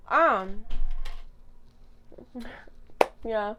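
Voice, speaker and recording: A woman's voice: fairly high pitch, lively intonation, very slow, sharp tone, muffled recording. A young woman chatting casually into a desk mic at home, giggly and gushing as she rambles. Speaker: vlogger. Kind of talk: casual chat.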